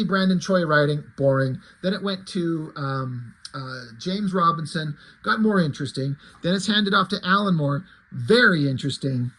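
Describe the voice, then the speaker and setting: A man's voice: a little high, pushed and bright, poor audio. A man casually reviewing a comic book, chatty and rambling with plenty of fillers.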